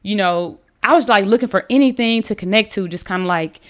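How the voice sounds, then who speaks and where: A woman guest on a podcast, telling a story in a casual, animated way with many fillers and restarts. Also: mid-range voice, brisk.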